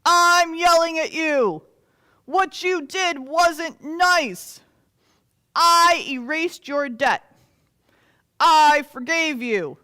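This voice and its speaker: A woman acts out a stern king who scolds with slow, loud emphasis. The voice rises and falls widely. It is played for a children's Bible story. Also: high voice, no room sound, voice pushed up, full character voice. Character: stern, indignant male king.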